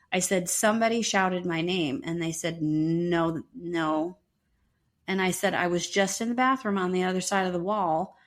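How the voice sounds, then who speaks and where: A middle-aged woman, a podcast co-host, telling a personal story in casual chat and acting out the voices of the people she quotes. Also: on the low side. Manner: animated, acts out quoted voices.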